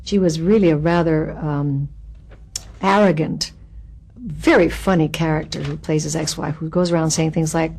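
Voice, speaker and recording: A woman being interviewed as an actress, telling anecdotes in an animated, expressive way and acting out the quotes. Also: deep voice, moderate pace, gravelly, husky. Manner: animated, expressive storyteller who acts out quotes.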